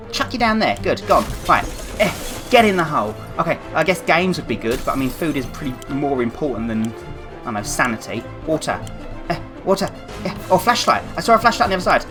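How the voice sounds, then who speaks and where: A young woman narrates her own game in a frantic rush, slipping into panic and laughing at her own mistakes. Her voice sits low for a woman yet swings wildly in pitch, with a bright, forceful edge. Faint game music plays behind her. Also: big pitch swings, brisk. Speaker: gameplay commentator. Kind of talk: let's play commentary.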